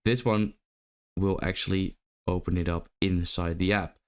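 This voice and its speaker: A man's voice: low-pitched, steady tone, moderate pace, smooth. A man hosting a casual tutorial, walking through app steps in a chatty way with lots of fillers. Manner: chatty, step-by-step, frequent fillers. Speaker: tutorial host. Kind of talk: casual screen-recording tutorial.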